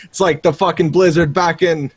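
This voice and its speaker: A man's voice: fairly high pitch, fairly even intonation, moderate pace, slightly rough, no echo. A man voicing a rowdy, constantly swearing adventurer with an exaggerated Canadian accent in a tabletop game. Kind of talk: tabletop role-play.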